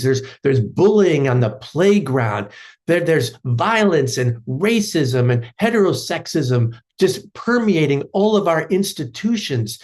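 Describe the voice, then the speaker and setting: Animated middle-aged male storyteller. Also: a little high. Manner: animated storyteller, frequent fillers and restarts. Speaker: professor giving a talk. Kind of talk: storytelling lecture.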